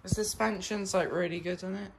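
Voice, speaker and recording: A woman with a hoarse, failing voice, chatting casually and rambling in a silly vlog. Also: mid-range voice, steady tone, brisk, heavy background noise. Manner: rambling, silly, filler-heavy. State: hoarse, losing her voice. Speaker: vlogger.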